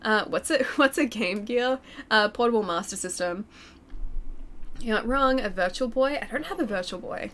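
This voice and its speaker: A woman's voice: fairly high pitch, normal speed, fairly bright tone, a little hiss or hum. A woman with a cold and a nasal voice, chatting casually with viewers on a live stream, giggly and self-deprecating, on a close mic with a pop filter in a home gaming room. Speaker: game streamer. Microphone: close studio mic with pop filter.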